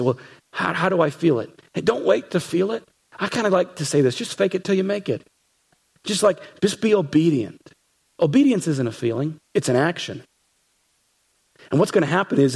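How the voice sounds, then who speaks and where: A man's voice: fairly high pitch, vocal fry, darkish tone, husky. A man preaching a sermon as pastor, emphatic, repeating phrases and acting out what people say. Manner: emphatic, repeats phrases, acts out quoted voices.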